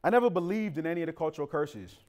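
A male pastor preaches with a slightly high voice that swings up and down a lot. He tells jokey stories in a loose, everyday way and keeps turning to the congregation. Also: racing. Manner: animated, joking storytelling with a casual, colloquial delivery; talks directly to the congregation. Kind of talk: sermon.

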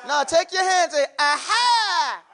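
A man's voice: high voice, lively intonation, unhurried, fairly bright tone. A man teaching a classroom lesson on pronouncing letters for Quran recitation, animatedly drilling his class to repeat sounds aloud.

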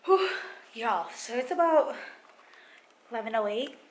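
A woman's voice: a little high, animated, measured pace. A young woman vlogging on a trip, talking in a chatty, slangy way and laughing often, outdoors on a phone camera. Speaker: travel vlogger. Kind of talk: casual travel vlog. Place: outdoors on a tourist strip and by a pier. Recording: outdoor ambient noise behind.

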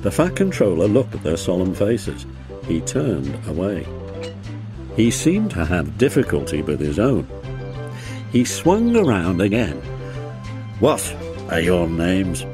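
A man reading a children's storybook aloud in a measured, expressive manner. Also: low voice. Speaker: narrator. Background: background music.

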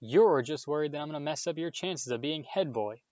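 A man's voice: a little high, expressive, brisk, darkish tone, no room sound, lo-fi sound, pitched above the performer's own voice, natural voice. A man voicing a nervous, hot-tempered schoolboy who speaks tensely and fiercely.

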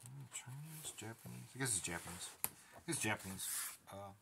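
A man's voice: mid-range voice, animated, moderate pace, vocal fry. A man thinking aloud in a casual vlog, leafing through pattern books at home and trailing off into half-whispers. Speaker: fashion designer vlogger. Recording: noisy home recording with clicks.

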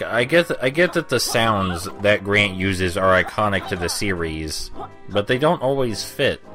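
A man's voice: fairly low pitch, a bit bright. A young man giving rambling, sarcastic commentary over a game playthrough, with faint game music behind. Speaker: let's play commentator. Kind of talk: gameplay commentary.

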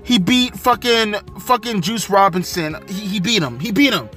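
A man's voice: high voice, expressive, moderate pace, fairly bright tone, faint music behind. A young man reviewing a wrestling show in an angry, sarcastic rant full of swearing. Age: young adult. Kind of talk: profane ranting show review.

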